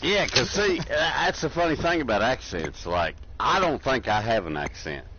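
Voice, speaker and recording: A man's voice: mid-range voice, very animated, normal speed, heavy background noise. A man with a Southern US accent chatting casually and joking during an online shooter game. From Southern United States. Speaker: gamer. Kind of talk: casual voice chat while gaming. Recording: lo-fi mic with loud game gunfire.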